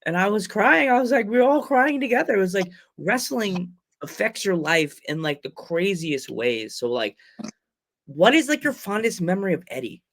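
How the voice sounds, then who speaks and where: An excitable man hosts a casual podcast chat. His voice sits a little high, and he tells stories with energy, acting out the shouts and cries of other people. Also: normal speed. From Long Island, New York. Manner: excitable storyteller, acts out quotes with loud cries. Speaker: podcast host.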